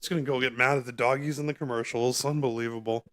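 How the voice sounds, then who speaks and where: A man hosting a live stream from home, giving casual play-by-play commentary in a relaxed, chatty way with frequent asides and fillers, speaking close to his microphone. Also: medium pitch, fast. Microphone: close microphone in front of his face.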